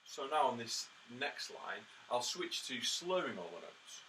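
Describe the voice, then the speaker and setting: A man's voice: mid-range voice, big pitch swings, a little slow, bright, forceful tone, soft background music. A man giving a brass tutorial, explaining practice tips and counting beats and sounding out rhythms with spoken "ta" syllables. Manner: practical, encouraging, lots of "uh" and "um". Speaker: brass teacher. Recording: somewhat distant mic with faint background noise.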